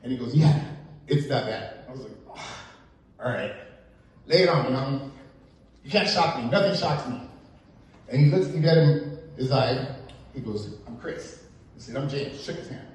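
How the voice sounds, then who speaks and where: A man's voice: mid-range voice, animated, normal speed, long pauses, a little mellow. A man doing a stand-up comedy set, telling a story and acting out the other people's lines in shifting voices. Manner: storytelling, acts out jail conversations with shifting voices. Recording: echoey club heard from a distance.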